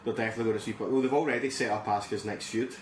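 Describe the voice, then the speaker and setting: A man's voice: on the low side, steady tone, racing, distant mic. A man chatting on a podcast, opinionated and swearing casually. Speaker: podcast co-host. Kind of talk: casual chat. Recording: roomy, off-mic, faint noise.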